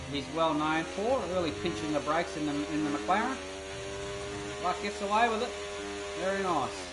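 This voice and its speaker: A man commentating a sim racing qualifying session, excitable and rambling with fillers. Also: a little high. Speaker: race commentator. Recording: noisy background of engine sounds. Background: racing car engine noise.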